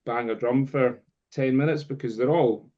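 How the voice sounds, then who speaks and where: A Scottish man at mid pitch tells a story in a loose, rambling way, full of fillers and side turns. His voice comes through a muffled, lo-fi recording that rounds off the top end. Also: fairly even intonation, normal speed. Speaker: guest drum teacher. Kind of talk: casual chat. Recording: dull lo-fi sound.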